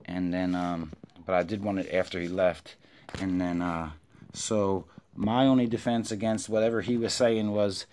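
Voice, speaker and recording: A man casually telling a story to camera, with loose, filler-heavy slang, who gets louder and higher when he quotes himself. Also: measured pace, clear, resonant tone. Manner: animated, rises when quoting himself. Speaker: vlogger recounting an encounter.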